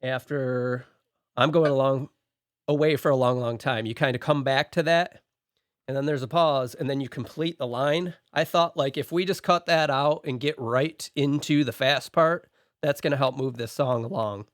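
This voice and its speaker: Man, podcast co-host, methodical, talking through notes, mid pitch, dry close sound. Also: moderate pace, no echo. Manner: methodical, talks through his notes point by point. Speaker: podcast co-host and song producer. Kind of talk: casual podcast discussion.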